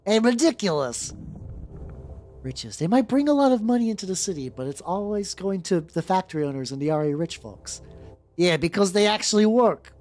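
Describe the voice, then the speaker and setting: A streamer playing a video game, reacting aloud with swearing and reading the game's text out loud. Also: medium pitch, animated, brisk. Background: faint background music.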